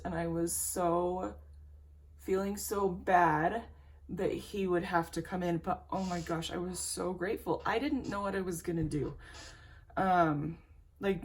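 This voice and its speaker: A woman's voice: on the low side, steady tone, normal speed. A young woman chatting candidly as she tells a long personal story while doing her makeup at home. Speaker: beauty vlogger. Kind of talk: chatty get-ready-with-me storytelling.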